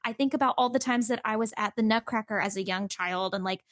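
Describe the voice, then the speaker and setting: A woman's voice: mid-range voice, fast talker, no echo. A woman chatting as a podcast guest, telling stories in a rambling way full of "like" fillers. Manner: chatty storyteller, many fillers like "like". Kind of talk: casual podcast chat.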